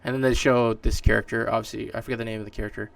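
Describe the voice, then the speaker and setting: Rambling gravelly man on gaming news. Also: fairly low pitch, level tone, rapid-fire, no room sound. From Canada. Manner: rambling, many fillers and restarts. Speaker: podcast host. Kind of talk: casual solo gaming news commentary. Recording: distant mic, dry room.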